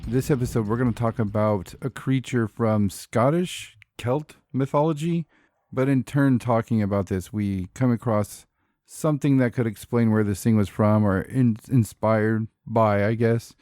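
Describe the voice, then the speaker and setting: This podcast co-host jokes around in casual chat, swearing freely and laughing often. His voice sits fairly low and comes across a little slow and a little mellow. The studio recording is clean, with no room sound.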